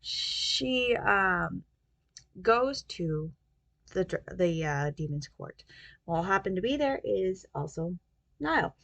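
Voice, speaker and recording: A woman's voice: lowish voice, expressive, slow pace, vocal fry, a bit bright, dry recording. A woman casually recapping a romance novel's plot, rambling with lots of fillers like um and basically. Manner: rambling retelling with many fillers. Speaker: book reviewer.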